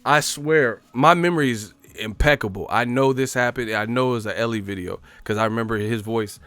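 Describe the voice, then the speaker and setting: Man, casual boxing talk, animated storyteller, dry close sound. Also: medium pitch, a little fast, no echo. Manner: animated storytelling, acts out quotes, laughs often. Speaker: boxing commentary host.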